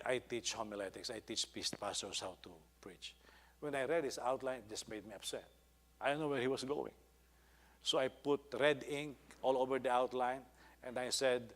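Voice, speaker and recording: A man's voice: mid-range voice, big-room sound. A man with a Filipino accent, a pastor telling a personal story in a sermon and rising into emphatic exhortation. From Philippines.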